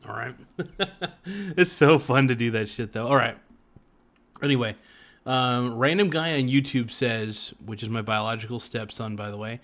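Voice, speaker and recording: A man's voice: mid-range voice, moderate pace, fairly bright tone. A man as a podcast guest in casual chat, crude, joking and rambling.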